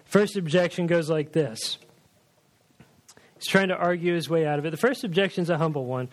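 A male preacher retelling a story in a sermon, lively and acting out the dialogue. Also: fairly high pitch, moderate pace, long pauses.

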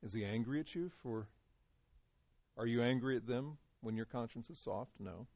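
A man leads a Bible study in a relaxed, conversational tone and keeps asking his group questions. His voice sits at a middling pitch. The recording is dry, with no room sound. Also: normal speed, no echo. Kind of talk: interactive Bible teaching to a small group.

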